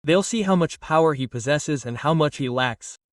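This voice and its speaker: Steady male recap narrator. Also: a little high, moderate pace, no echo. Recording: dry, a bit distant from mic.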